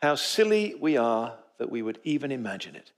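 A man's voice: medium pitch, fairly quick. A man preaching a sermon to his congregation, telling stories and acting out the voices of the people in them. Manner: animated storytelling, acts out quoted voices. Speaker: pastor. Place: church sanctuary.

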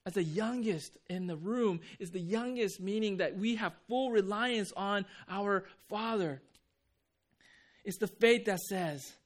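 A man preaching a conversational sermon as pastor. He tells stories with energy and drops to a soft, quiet voice for reflective points. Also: high-pitched, unhurried. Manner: conversational, animated when telling stories.

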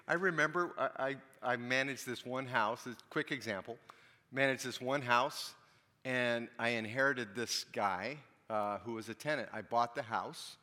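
A man giving a casual, conversational sermon, often asking the congregation questions. His voice is bright and forward, and long reverb trails off the walls of a church hall. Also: mid-range voice. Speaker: pastor.

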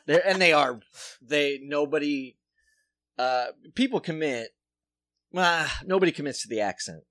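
Animated man from South Dakota chatting. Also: a little high, a little slow, no room sound. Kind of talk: casual chat.

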